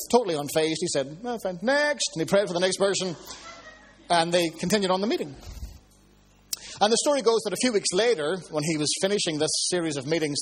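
A man preaching a sermon, telling stories with lively swings between hushed and high exclamations. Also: husky.

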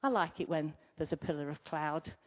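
A woman giving a conversational sermon, asking the congregation rhetorical questions and moving between loud emphasis and quiet asides. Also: low voice, normal speed. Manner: chatty, asks the listeners rhetorical questions. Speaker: preacher. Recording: slightly dull recording.

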